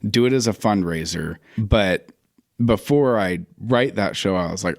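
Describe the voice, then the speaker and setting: Male interview guest, writer-director type, low voice, close and dry sound, reflective storyteller who quotes himself. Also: a little slow, vocal fry, dry recording. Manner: reflective storyteller who acts out his own past remarks. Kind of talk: casual interview conversation.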